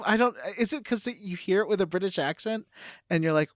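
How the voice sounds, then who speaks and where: A man's voice: sits high, a little fast, no echo, clean studio sound. A man co-hosting a casual gaming podcast, laughing often and walking through the game's story with plenty of fillers. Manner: laughs often, explains the game plot with many fillers. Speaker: podcast co-host.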